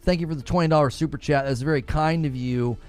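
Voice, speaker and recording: A young man hosting a gaming livestream, chatting casually in a snarky, animated way and laughing often. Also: fairly high pitch, fast, soft background music.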